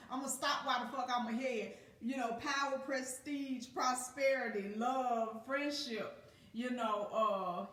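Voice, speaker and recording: A woman giving a casual motivational talk as a spiritual teacher, speaking bluntly and emphatically with plenty of profanity. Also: fairly high pitch. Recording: echoey room, distant from the mic.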